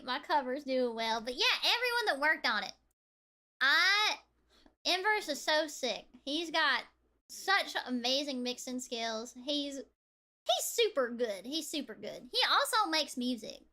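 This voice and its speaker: A woman with a Southern US accent, chatting and giggling on a livestream, with drawn-out vowels. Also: sits high, sing-song, pushed and bright. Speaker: streamer. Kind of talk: casual livestream chat.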